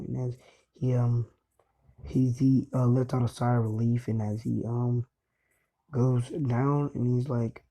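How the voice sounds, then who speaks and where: A man's voice: mid-range voice, level tone, unhurried, mellow. A young man casually retelling a fan story in a rambling way. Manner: rambling, full of fillers and restarts. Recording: dull lo-fi recording.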